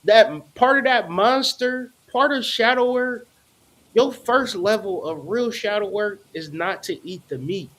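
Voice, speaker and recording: A man with a slightly high voice rants in a loose, unhurried way, full of slang and casual cursing. He is a spiritual teacher talking to his own audience, animated and blunt. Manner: animated, slangy, swears freely. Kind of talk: casual ranting monologue.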